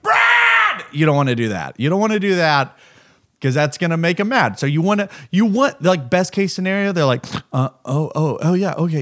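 A man hosting his own podcast, a stand-up comic telling a rambling, self-deprecating bit with lots of fillers and acted-out voices. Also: mid-range voice. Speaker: podcast host and stand-up comedian. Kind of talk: casual comedic monologue.

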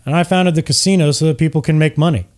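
A man's voice: on the high side, quick pace, pitched above the performer's own voice, close to an everyday voice. A man playing a dour human casino owner. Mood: dour salesy.

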